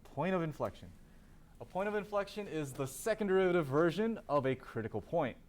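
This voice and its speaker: A man's voice: fairly high pitch, expressive, fast. Math teacher guy in class, voice bounces up and down a lot, keeps asking "what?" then answers it himself. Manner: asks the class questions and answers them himself; repeats key terms with emphasis. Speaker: calculus teacher. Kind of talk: classroom lecture.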